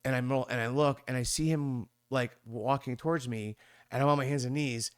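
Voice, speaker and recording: A man in his fifties, a podcast guest, telling a long story in a rambling way and mimicking other people's voices with sudden high squeaks. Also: fairly even intonation, fairly quick, clear, resonant tone, dry recording, clean studio sound. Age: 50s. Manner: rambling with many restarts and fillers. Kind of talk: conversational storytelling.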